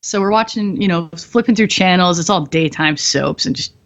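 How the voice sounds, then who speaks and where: A woman's voice: on the low side, normal speed, muffled recording. Blunt, profane woman telling a story. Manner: blunt, profane, laughs through dark humor. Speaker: podcast guest, combat veteran. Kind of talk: candid storytelling.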